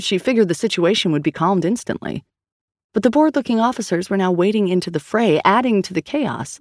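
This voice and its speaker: A woman narrating a novel in a steady storytelling read. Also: lowish voice, dry recording, studio quality. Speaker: audiobook narrator. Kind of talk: scripted narration.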